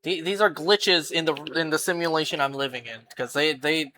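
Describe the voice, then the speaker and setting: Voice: medium pitch, a little fast, sharp tone, a little hiss or hum. A streamer chatting casually during a live game, rambling and reacting with disbelief to what chat says.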